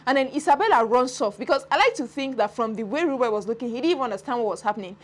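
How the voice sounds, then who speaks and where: Animated woman commentator. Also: fairly high pitch, very fast. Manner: animated, laughing, dramatic retellings. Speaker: entertainment commentator. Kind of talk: casual reality-show commentary.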